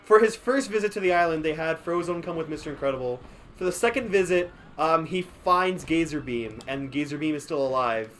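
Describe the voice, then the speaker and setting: A man's voice: a little high, fairly quick, a bit bright, a little hiss or hum. A young man chatting casually while playing a video game, rambling and self-mocking. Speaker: let's play host. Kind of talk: casual gaming chat.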